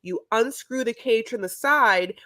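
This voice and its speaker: A woman's voice: fairly high pitch, a little slow, bright, forceful tone, no room sound, studio quality. A woman co-hosting a podcast, recapping a reality show in casual, chatty talk full of "like" and "honey". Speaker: podcast co-host.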